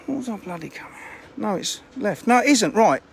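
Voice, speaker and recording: A rambling, chatty man live streams on a handheld phone. His voice sits high for a man, and a faint hum of noise runs behind him. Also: animated, moderate pace, vocal fry. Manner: chatty, rambling, self-mocking. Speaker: fishery owner live streaming. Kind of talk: casual live-stream chat. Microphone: phone camera held in hand.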